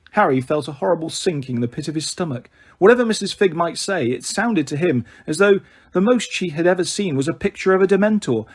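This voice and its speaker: Husky male audiobook narrator. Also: on the high side. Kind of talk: audiobook reading.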